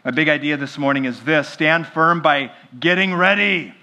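A man preaching a sermon as pastor, animated and often asking the congregation questions. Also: on the high side, moderate pace. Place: church.

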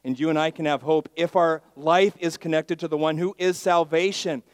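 Pastor preaching, hushed to booming. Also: male voice, fairly even intonation, moderate pace, clean tone, dry recording. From Miami, Florida. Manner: swings from hushed asides to loud emphatic declarations; leads call-and-response with the congregation. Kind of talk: sermon.

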